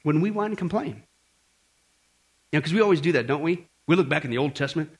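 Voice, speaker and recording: A man's voice: a little high, animated, quick pace, breathy edge. A man preaching a conversational sermon to a congregation, full of rhetorical questions. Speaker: pastor. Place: church service before a congregation.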